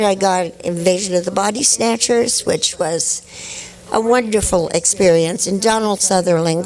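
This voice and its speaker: A woman's voice: medium pitch, rough recording. Older woman telling chatty anecdotes. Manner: chatty anecdotal storyteller, laughs often. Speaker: actress panel guest. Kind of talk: convention panel storytelling. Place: convention panel stage.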